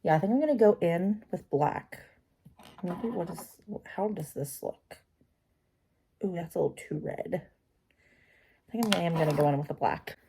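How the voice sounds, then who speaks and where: A woman's voice: on the low side, normal speed, vocal fry, long pauses, dark tone, husky. A woman vlogging as she does her makeup, chatty and talking to herself with self-deprecating asides. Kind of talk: casual talk while doing makeup.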